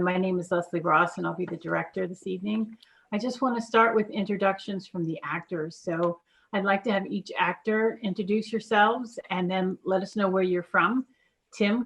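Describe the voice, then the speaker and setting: A woman's voice: medium pitch, steady tone, moderate pace, a bit bright, rough recording. A woman introducing the cast as director of a video-call play reading, friendly and organized.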